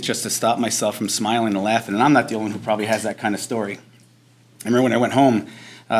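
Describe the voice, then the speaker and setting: Man telling a boot camp story. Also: medium pitch. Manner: animated storyteller, acts out shouted drill instructor lines. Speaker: veteran speaker. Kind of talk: personal storytelling speech. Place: banquet hall at a veterans breakfast.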